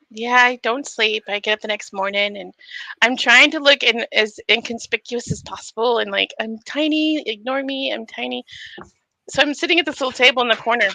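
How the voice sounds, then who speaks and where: A woman telling a story on a casual stream, animated and acting out quotes with frequent laughs. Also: fairly high pitch, normal speed, no echo, rough recording.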